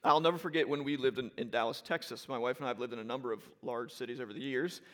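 A man's voice: mid-range voice, fast, a bit bright. A middle-aged man, a pastor preaching a sermon in a conversational way, often checking in with the congregation and repeating phrases for emphasis. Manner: repeats and restarts phrases while building emphasis.

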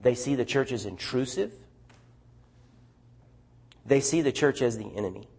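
A man's voice: medium pitch, normal speed, breathy edge. A man with a Southern US accent telling stories to an audience as a missionary speaker, chatty and full of restarts. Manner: animated, chatty storyteller with restarts. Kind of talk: storytelling talk to an audience.

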